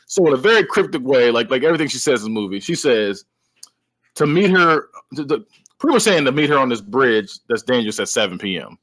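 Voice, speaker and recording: A man co-hosting a podcast, casually recapping a film and retelling its scenes with lively, frequent laughter. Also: mid-range voice, fast talker. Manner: animated storyteller who acts out characters; laughs often. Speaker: podcast co-host. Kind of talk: casual movie-recap chat.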